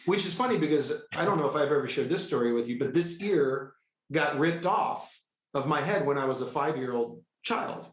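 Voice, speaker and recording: A middle-aged man telling a personal story with excitable, animated energy, often breaking into quoted dialogue. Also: on the high side, normal speed. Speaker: guest, healer. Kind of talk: storytelling in a conversational interview. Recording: echoey room.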